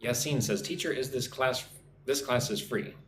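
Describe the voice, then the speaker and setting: A man's voice: mid-range voice, moderate pace. A male English teacher on a live stream, reading viewers' chat messages and modelling exam answers with pronunciation drills. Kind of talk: live-streamed speaking lesson. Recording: roomy echo, faint background noise.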